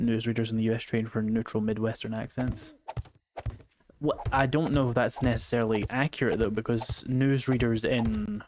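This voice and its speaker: Scottish man with a touch of vocal fry. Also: mid-range voice, a little mellow, a little hiss or hum. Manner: chatty, wry, reading chat aloud. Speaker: streamer. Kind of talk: casual gameplay chat.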